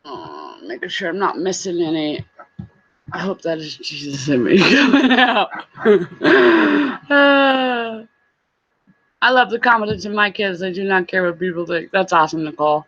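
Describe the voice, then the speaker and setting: A woman's voice: fairly low pitch, expressive, a little slow, a bit bright. A woman hosting a casual live stream, greeting viewers by name and chatting with frequent laughs, on slightly dull lo-fi audio. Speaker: live-stream host and reseller.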